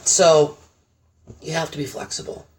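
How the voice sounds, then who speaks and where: A woman stand-up comedian, chatting as a podcast guest and telling stories in a blunt, profane, animated way. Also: low-pitched, unhurried. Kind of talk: casual chat, storytelling.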